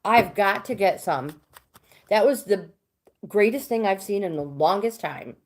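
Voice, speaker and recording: A woman's voice: medium pitch, animated, measured pace. A middle-aged woman hosting a casual live stream, chatting with viewers and reading cards for them. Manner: chatty, reads viewer comments aloud.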